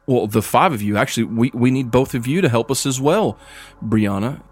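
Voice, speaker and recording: A scheming sorceress sneers and mocks her captives, voiced by a man. Her tone is condescending and cruel. Soft music plays underneath. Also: medium pitch, a little fast, husky, pitched above the performer's own voice, natural voice. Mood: mocking. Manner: mocking, condescending.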